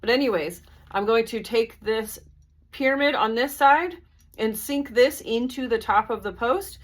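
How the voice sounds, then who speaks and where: Woman calmly explaining a sewing project. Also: on the high side, unhurried. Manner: friendly, methodical, casual explaining. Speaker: sewing instructor. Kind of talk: step-by-step tutorial narration.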